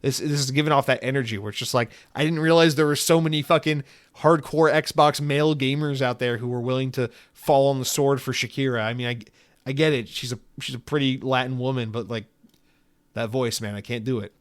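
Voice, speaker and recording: A man's voice: medium pitch, fairly even intonation, a little fast, no echo. Brief: male solo podcast host, rambling and swearing, dry close sound. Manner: rambling, profane, self-deprecating. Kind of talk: casual chat reading listener mail.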